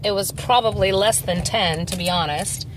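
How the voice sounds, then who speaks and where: A young woman talks from the driver's seat, rambling through a story in a chatty, animated way. A faint hum of the car sits behind her voice. Her pitch stays middling and natural. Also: moderate pace. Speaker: vlogger. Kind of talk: casual storytelling while driving. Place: inside a car. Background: faint car noise.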